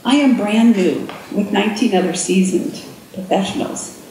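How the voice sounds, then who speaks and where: A middle-aged woman giving a conference keynote, an animated storyteller who acts out her own inner voices. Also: mid-range voice, normal speed, a little hiss or hum. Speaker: keynote speaker. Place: conference room with an audience. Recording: echoey room with faint ambience.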